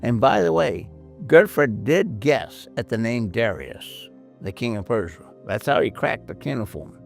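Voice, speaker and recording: Male host, emphatic storyteller, lively swings in pitch, faint music behind. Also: unhurried, gravelly. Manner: emphatic storyteller who acts out quoted voices. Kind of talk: animated Bible history talk.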